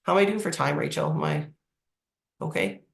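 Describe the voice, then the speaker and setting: A presenter with a croaky, hoarse voice from a cold, explaining slides in a webinar over a video call. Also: mid-range voice, brisk. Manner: explanatory, walking through slides. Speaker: agricultural presenter. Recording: echoey room.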